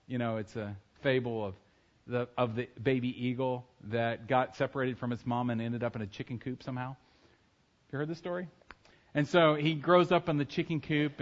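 A man preaching a sermon in church, talking casually and joking with the congregation, now and then breaking into loud acted shouts. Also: mid-range voice, lo-fi sound. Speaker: pastor. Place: church sanctuary.

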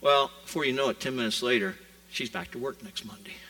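A man pastor preaching a sermon and telling a story with animated delivery, acting out the people in it. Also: medium pitch, a little fast, distant mic, rough recording. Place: church sanctuary.

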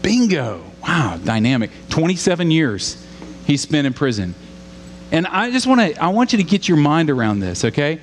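A man's voice: on the high side, sing-song, normal speed. A man from Louisiana preaching a sermon, earnest and questioning the congregation, building to emphatic repetition. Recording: long hall reverb with faint hum.

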